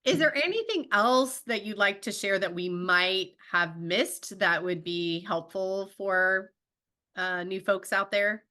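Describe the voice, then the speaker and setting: A woman's voice: mid-range voice, takes it slowly, pushed and bright. A woman hosting a podcast interview in a friendly, affirming way. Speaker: podcast host.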